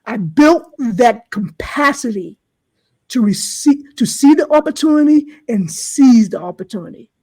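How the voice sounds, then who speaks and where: A woman's voice: on the high side, expressive, unhurried, warm tone, breathy edge, no echo. A woman life coach talking fervently in a preaching style on a podcast, checking in with "right?". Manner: fervent, repeats "right?" to the listeners.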